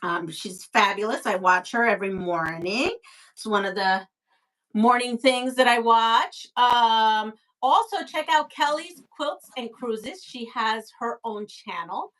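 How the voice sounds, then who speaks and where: A woman's voice: a little high, unhurried, fairly bright tone. A woman from Brooklyn hosting a casual live stream, chatting, reading viewer comments aloud and laughing often. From Brooklyn, New York.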